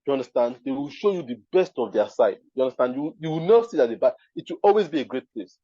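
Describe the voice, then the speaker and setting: At a design event, a man with a Nigerian accent talks emphatically and fast, in a mid-range, dark, husky, expressive voice, often asking his audience "you understand?" The audio is dry and dull.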